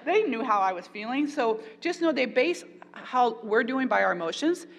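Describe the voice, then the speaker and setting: A woman leading a parenting workshop for an audience, talking in a warm, encouraging way with playful asides. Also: on the high side, very animated, moderate pace, gravelly. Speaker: parenting class teacher. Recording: echoey hall, faint ambient noise.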